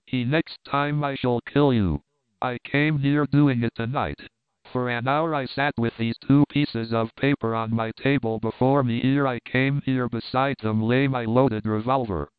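A man's voice: mid-range voice, no echo, natural voice. A man reading the lines of a bitter, threatening army officer in an audiobook, with cold, hissing warnings. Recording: crisp, dry, phone-like narrow sound.

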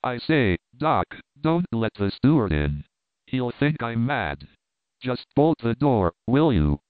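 Guy doing a haunted sea captain, hushed and feverish, smooth voice, tinny phone-like sound. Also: mid-range voice, big pitch swings, slow pace, no room sound. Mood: hushed, anxious. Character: haunted, agitated middle-aged male sea captain. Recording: narrow phone-like band.

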